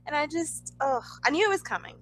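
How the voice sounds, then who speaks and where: A woman co-hosting a casual wrestling podcast, animated, swearing casually and laughing often. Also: high-pitched, fairly quick, faint music behind, poor audio. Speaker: podcast co-host.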